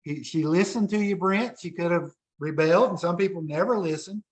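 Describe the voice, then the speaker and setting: A man's voice: high voice, brisk. A man hosting a training call, upbeat and encouraging as he hands off to speakers. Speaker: call host.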